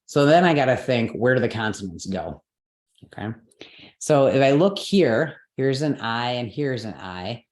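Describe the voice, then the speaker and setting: A woman's voice: extremely low pitch, expressive, unhurried, a little mellow. A woman teaching Sanskrit pronunciation rules in an explanatory class, patiently checking that her students follow along. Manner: patient, checks understanding with frequent "right?" and "okay". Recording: roomy echo.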